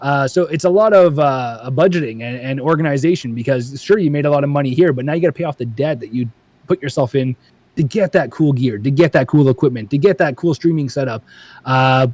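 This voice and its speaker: A man appears as a guest on a podcast; he makes paintball videos on YouTube. He chats casually and animatedly, acting out quoted voices as he tells stories, in a mid-range, slightly mellow voice at a fairly quick pace. There's no room sound.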